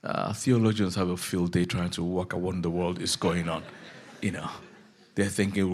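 A man preaching a sermon as pastor, telling a Bible story in a jokey, animated way with a husky voice. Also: low voice, normal speed.

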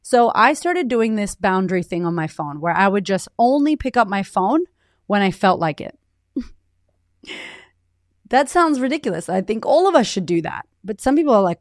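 A woman in her thirties, a podcast host and coach, giving a candid, high-energy motivational talk full of swearing. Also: expressive, normal speed, no room sound, clean studio sound.

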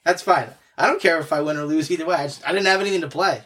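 A man's voice: fairly high pitch, racing, fairly bright tone. A man co-hosting a podcast, chatting casually through a card game with a laugh and an easygoing, trailing-off way of talking. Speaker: podcast co-host.

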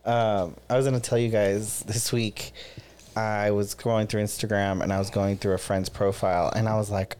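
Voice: low voice, little pitch movement, normal speed, darkish tone, clean tone. A podcast co-host chatting casually, telling a long rambling story with many fillers. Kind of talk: casual chat.

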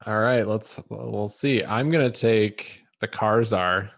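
A man's voice: fairly low pitch, takes it slowly, creaky, a bit bright, slight background noise. A man co-hosting a podcast in easygoing casual chat, agreeing and laughing along. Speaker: podcast co-host.

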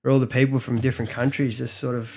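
A man's voice: mid-range voice, level tone, fast, a little mellow, breathy edge. A young Australian man with an Australian accent, co-hosting a casual podcast and telling rambling, sweary travel stories. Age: young adult. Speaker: podcast co-host. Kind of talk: casual chat.

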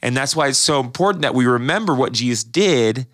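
A man's voice: mid-range voice, lively intonation, fairly quick, fairly bright tone, dry recording, studio quality. A male pastor explaining faith in a casual, earnest discussion, often repeating words as he restarts his thoughts.

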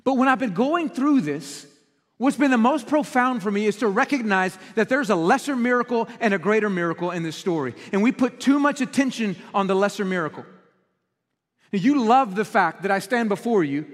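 High-voiced guy preaching a sermon, earnest, lots of rhetorical questions, big echoey church hall. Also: expressive, brisk. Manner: earnest, direct address to the congregation with rhetorical questions. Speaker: pastor. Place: church auditorium.

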